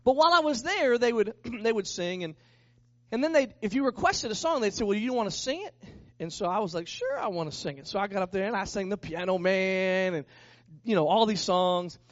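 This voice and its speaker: A high-pitched man preaching, telling a story with lots of energy and putting on voices for the people in it. The sound is dry and close, with a slightly dull tone. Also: brisk, dry recording. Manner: animated, acts out the people in his story. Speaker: pastor. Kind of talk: storytelling sermon.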